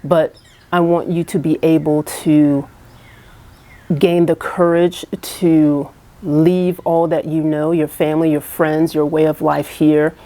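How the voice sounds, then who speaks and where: A woman's voice: sits low, warm tone. A woman vlogger talking straight to camera in a casual, earnest and encouraging way, full of small restarts and fillers, from a house she is minding.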